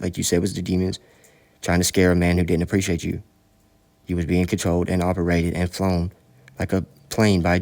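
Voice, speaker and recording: A man's voice: deep voice, a little mellow. A man delivering a rambling, preachy spoken monologue, full of profanity.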